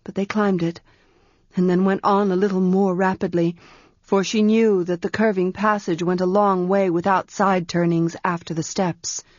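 A woman narrating a story in a measured, quiet storytelling manner. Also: on the low side, steady tone, dry recording, highs cut off. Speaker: audiobook narrator.

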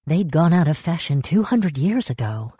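A woman narrating a fantasy story in a measured, steady way, close to the mic. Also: sits low, husky, no echo. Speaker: audiobook narrator. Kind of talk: scripted narration.

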